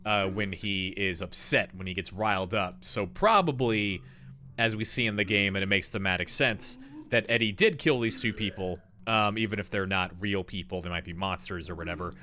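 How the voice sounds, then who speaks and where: A man's voice: sits low, moderate pace, sharp tone. A young man streaming a game live, rambling through lore commentary with lots of fillers and jokey asides.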